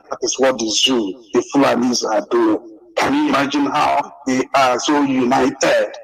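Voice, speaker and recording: Slow, impassioned man on a distant line. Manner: slow, emphatic and repetitive, rising in pitch on pleas. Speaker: guest speaker on a call-in radio broadcast. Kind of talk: impassioned appeal.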